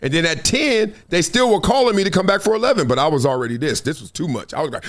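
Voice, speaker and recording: A middle-aged man, a former football player, hosting a casual livestream in an animated, slangy, joking way. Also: a little high, fast, few pauses.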